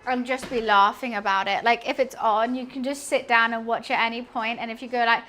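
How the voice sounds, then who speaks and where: A woman's voice: a little high, fairly even intonation, brisk, bright, forceful tone, slight background noise. A young woman chatting casually while cleaning and cooking in her home kitchen, rambling and humming to herself. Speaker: streamer.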